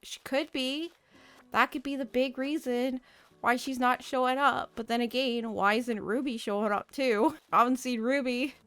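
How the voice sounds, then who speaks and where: A young woman chats over a life-sim game with a playful, self-mocking running commentary. Her voice is fairly high and smooth, close to the mic in a dry space. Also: fairly even intonation, normal speed, fairly bright tone, no room sound. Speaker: gaming creator. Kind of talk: casual gameplay commentary.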